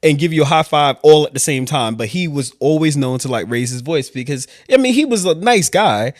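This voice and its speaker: A man from Queens, telling stories in a casual, animated vlog chat. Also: on the high side, dry recording, clean studio sound. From Queens, New York. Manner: animated, quick asides and laughs. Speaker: vlog host telling his story.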